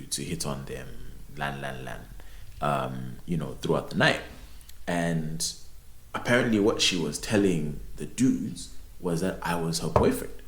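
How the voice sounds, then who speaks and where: A man co-hosting a podcast, telling a story in a casual, animated way and laughing often. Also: extremely low pitch. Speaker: podcast co-host. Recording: roomy echo.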